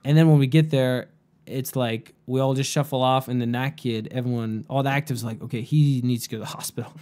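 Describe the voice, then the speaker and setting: A man's voice: mid-range voice, steady tone, fairly quick, dark tone. Profane rambling young man. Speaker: podcast host. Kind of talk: casual storytelling chat.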